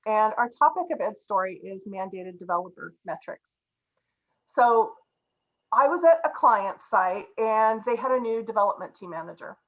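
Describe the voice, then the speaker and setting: A woman agile coach telling a story to a group in an animated way, laughing now and then. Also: medium pitch, moderate pace, dull audio.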